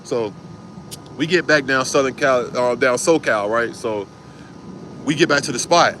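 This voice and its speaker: A man's voice: medium pitch, measured pace, a bit bright, a little hiss or hum. A man telling a wild personal story in casual street slang, cursing freely and acting out other people's voices.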